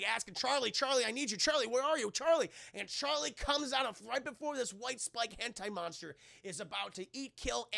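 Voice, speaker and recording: A man in his thirties giving a crude, animated film recap as a streamer who talks to his chat. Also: sits high, vocal fry, dry recording.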